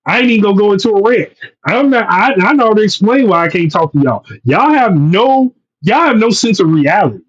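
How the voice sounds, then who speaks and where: Animated high-pitched man ranting about football. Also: brisk, breathy edge, dull audio. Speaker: podcast co-host. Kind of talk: casual sports chat.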